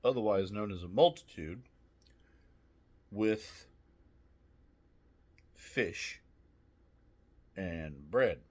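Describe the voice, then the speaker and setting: A man's voice: on the low side, animated, drawn-out words, long pauses, a little mellow. A man casually reviewing snacks, reading trivia aloud with jokey asides, swearing and laughing often.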